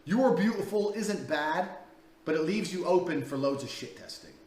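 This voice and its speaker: A man's voice: a little high, normal speed, a little hiss or hum. Blunt profane man in an echoey room. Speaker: dating coach. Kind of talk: coaching monologue for a paid course. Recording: echoey room, distant mic, faint ambience.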